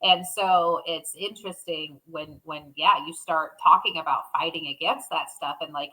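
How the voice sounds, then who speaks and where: A woman's voice: lowish voice, normal speed, few pauses, pushed and bright, low-quality recording. A woman co-hosting a casual podcast chat, talking earnestly with plenty of "like" and "you know". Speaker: podcast co-host.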